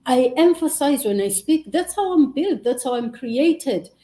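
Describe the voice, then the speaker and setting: A South African woman with a Xhosa accent hosts over a video call, her voice sitting high and mellow with lively intonation and a slightly slow pace. She gives an emphatic, preacher-like inspirational talk that rises in bursts. The recording is rough and reverberant.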